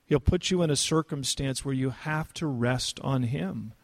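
A man's voice: mid-range voice, measured pace, creaky. A man preaching an expository sermon in a conversational, earnest manner, lifting his voice for emphasis. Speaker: pastor.

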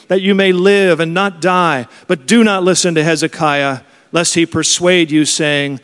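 A man preaching in a slightly high voice, reading scripture verse by verse with earnest, conversational asides. His voice carries a long reverb from the hall. He keeps a steady teaching rhythm. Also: clean tone. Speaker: pastor. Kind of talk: expository sermon reading scripture aloud.

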